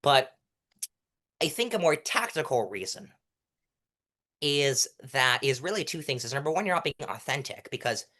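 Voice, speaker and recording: Lively young man coaching courtroom delivery. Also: medium pitch, normal speed, pauses often. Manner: animated, demonstrates delivery by reciting lines at different volumes. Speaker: interview guest, mock trial competitor. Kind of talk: casual coaching interview.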